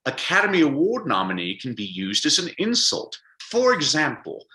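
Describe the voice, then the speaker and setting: A man putting on a British accent to play an award winner giving a dry, measured speech. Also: fairly high pitch, huge pitch swings, bright, forceful tone, echoey room, voice pushed up, full character voice, low-quality recording. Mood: wry.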